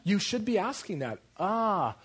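A man preaching a sermon, animated, repeating phrases for emphasis and jumping into quoted voices. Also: high-pitched, measured pace, husky.

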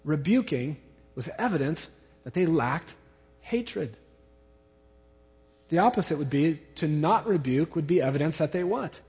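A man's voice: fairly high pitch, lively intonation, unhurried, pauses often, darkish tone. Emphatic male preacher in an echoing hall. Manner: emphatic, repeats key words. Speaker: pastor. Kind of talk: expository sermon. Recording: reverberant hall, dull lo-fi sound.

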